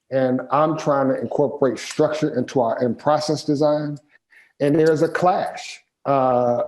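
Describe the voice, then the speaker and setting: A man sharing a work story with his team in a measured, hesitant way with many pauses. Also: medium pitch, dark tone, low-quality recording. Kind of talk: casual storytelling in a group discussion.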